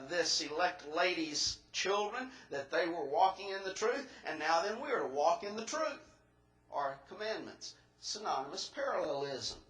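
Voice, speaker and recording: A preacher delivers a methodical, step-by-step sermon in a high, bright man's voice. The sound rings through a roomy church hall, and he works through each point like a teacher. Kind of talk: expository sermon.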